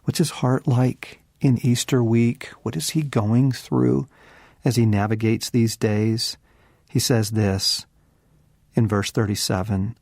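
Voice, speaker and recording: A middle-aged man giving an earnest, reflective devotional teaching, slowing and softening on key phrases. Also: medium pitch, vocal fry, dry recording, clean studio sound. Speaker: Christian author and teacher.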